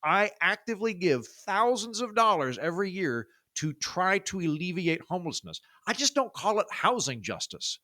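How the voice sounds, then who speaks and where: Chatty baritone man, dry sound. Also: sing-song, normal speed, hardly any pauses, bright, forceful tone, no echo. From Oklahoma. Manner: chatty, many fillers and restarts. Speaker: podcast guest. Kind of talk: casual interview talk.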